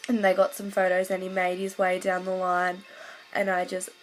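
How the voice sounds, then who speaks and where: A woman's voice: fairly low pitch, completely flat delivery, faint music behind, poor audio. A woman, telling a fan story in casual vlog chat, gushing along with lots of "like" fillers. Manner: gushing, fast-flowing recount full of "like" fillers. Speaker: vlogger.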